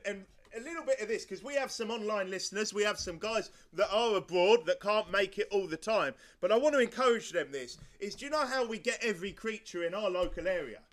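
A man's voice: high voice, a bit bright. A male pastor preaching a sermon, emphatic and driving, who repeats his points and fires off rhetorical questions.

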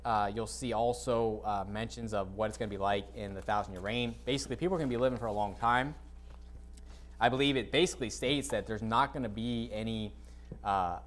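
A man preaching an informal sermon to a congregation, reading scripture and adding blunt, dismissive asides while often clearing his dry throat. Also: on the low side. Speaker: pastor. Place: church sanctuary, speaking to a congregation.

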